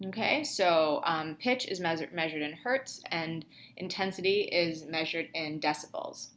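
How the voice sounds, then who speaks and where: A woman's voice: sits low, measured pace, a bit bright, a little hiss or hum. A young woman instructor talking through a lab tutorial casually, thinking aloud with many ums and restarts. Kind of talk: screen-recorded lab tutorial.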